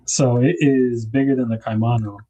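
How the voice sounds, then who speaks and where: A man's voice: mid-range voice, steady tone, normal speed, warm tone, muffled recording. A man hosting a knife livestream, chatting casually and rambling as he unboxes gear. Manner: laid-back, rambling, thinks aloud with fillers.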